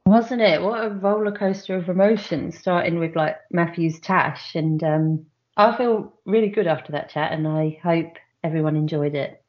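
A woman's voice: fairly low pitch, moderate pace, highs cut off. A woman with a nasal voice and a southern English accent, co-hosting a podcast in a bubbly, gushing way. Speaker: podcast co-host. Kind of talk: casual chat.

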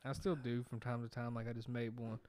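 A man's voice: mid-range voice, flat delivery, fairly quick, a little mellow, no echo. A man with a Southern US accent, co-hosting a casual podcast in a laid-back, profane, drawling way. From Southern United States. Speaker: podcast co-host.

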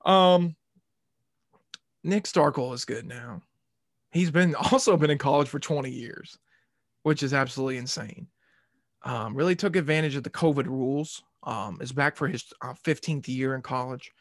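A man's voice: medium pitch, moderate pace, no room sound, studio quality. A man hosting a casual sports podcast, rambling and joking, ranting and swearing as he goes. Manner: rambling and jokey, swears and rants. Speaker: podcast host.

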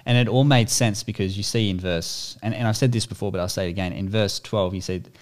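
Man, very deep voice, thoughtful, reads verses in a casual bible chat. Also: steady tone, a little fast. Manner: thoughtful, reads verses aloud, builds points step by step. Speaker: bible study co-host.

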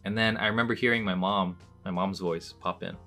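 A young man hosting a podcast, telling a personal story in a casual, chatty way, with lots of fillers and bursts of excitement as he relives moments. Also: low voice, a little fast, soft background music. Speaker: podcast host.

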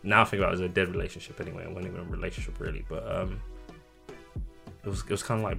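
Animated young man swearing through stories. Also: low-pitched, racing, gravelly, faint music behind. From London. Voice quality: swears freely, animated storytelling with acted-out quotes. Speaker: podcast co-host. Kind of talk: casual chat.

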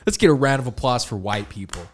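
A man's voice: medium pitch, lively intonation, fast, heavy background noise. A young man co-hosting a podcast, making edgy jokes in casual banter. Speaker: podcast co-host. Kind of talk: casual chat.

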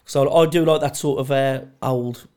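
A man's voice: mid-range voice, fairly even intonation, moderate pace, a little mellow, clear, resonant tone. A man telling sweary, laughing anecdotes as a podcast co-host in casual chat.

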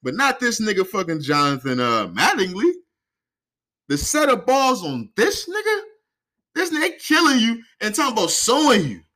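A young man hosts a casual podcast, his voice sitting a little high and swinging widely as he talks. The tone is bright and forceful. He peppers his rants with slang and profanity, breaks into laughter often and keeps asking incredulous rhetorical questions. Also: wildly swooping pitch, normal speed, rough recording. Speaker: podcast host. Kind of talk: casual opinion chat.

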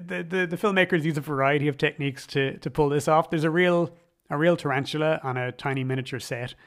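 A man's voice: medium pitch, fairly bright tone. Man rambling through a film recap. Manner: enthusiastic, rambling with restarts and quoted dialogue. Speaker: film reviewer. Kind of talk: casual film commentary.

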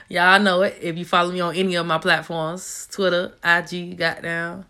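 A young woman runs her own casual podcast, talking in a loose, profane, slang-filled way as though lounging at home. Her lowish voice is pushed and bright, with a flat delivery at normal speed.

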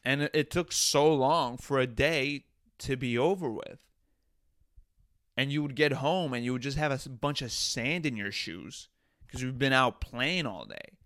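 A man's voice: medium pitch, expressive, measured pace, a bit bright, no echo, studio quality. A man hosting a podcast, delivering comedic commentary in an exasperated, profane rant. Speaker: podcast host.

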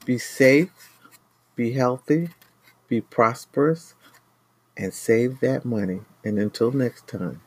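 A man's voice: medium pitch, slow, long pauses, breathy edge. A man from New York hosting a money-saving show, talking earnestly and casually to his viewers as family, with a lot of repetition. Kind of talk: casual motivational talk to viewers.

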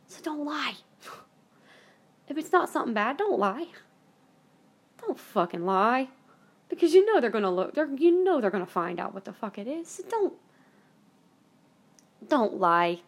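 A woman hosting a show, telling a story from her own life in a casual, rambling way, blunt and quick to swear. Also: on the high side, husky. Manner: chatty and blunt, swears freely; rambling, with many fillers and self-corrections. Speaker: podcast host.

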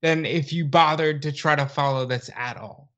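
A man's voice: on the high side, fairly even intonation, moderate pace, a bit bright, highs cut off. A man co-hosting a casual podcast chat, blunt and opinionated with a frustrated edge. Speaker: podcast co-host.

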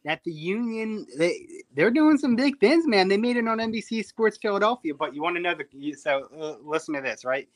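A man joining a sports talk show as a guest, telling stories in an excited way. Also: high voice, a little fast, hardly any pauses, no echo. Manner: excited, storytelling. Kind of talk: casual sports chat.

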